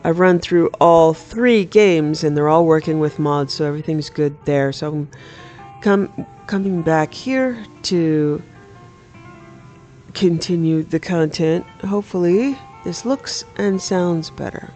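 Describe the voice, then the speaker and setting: Relaxed chatty game streamer. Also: medium pitch, slow, soft background music. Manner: relaxed, chatty, self-correcting. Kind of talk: casual gameplay commentary and reading aloud.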